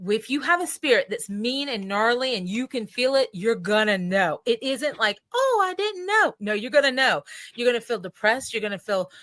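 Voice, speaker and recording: A woman with an Appalachian accent and a slightly high voice speaks at a normal pace, with no echo. She's a psychic medium guest in a casual interview, an animated storyteller who acts out the voices of the people she quotes.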